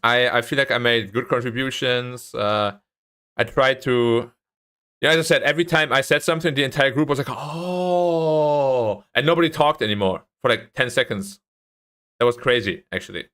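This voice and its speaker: A man's voice: mid-range voice, brisk. A young man streaming, chatting casually about a training day and ranting with frequent swearing. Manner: animated ranting, swears, voice jumps up when annoyed. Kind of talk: casual chat.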